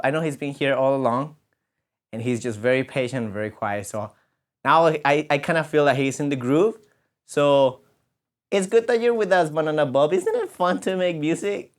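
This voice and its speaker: A man's voice: fairly high pitch, lively intonation, normal speed. A man teaching a music lesson to children, patiently explaining and counting beats aloud.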